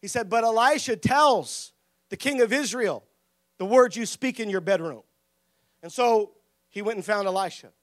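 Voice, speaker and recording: High-voiced, joking man preaching. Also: normal speed. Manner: humorous, folksy, shouts for emphasis, laughs often; acts out quoted voices. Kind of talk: lively sermon with jokes.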